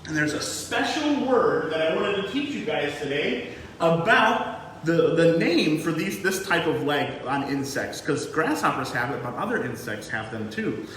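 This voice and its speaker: Lively man teaching small children. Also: fairly high pitch, unhurried, slight background noise. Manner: lively, sing-song, talks to kids. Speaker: museum educator. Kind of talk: children's lesson. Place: museum room. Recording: echoey room, mic far off.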